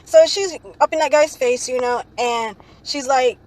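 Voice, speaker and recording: High-voiced young woman telling a rambling story. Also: measured pace, darkish tone, rough recording. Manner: rambling, ends phrases with "right?" tag questions; frequent "like, um" fillers. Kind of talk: casual storytelling vlog.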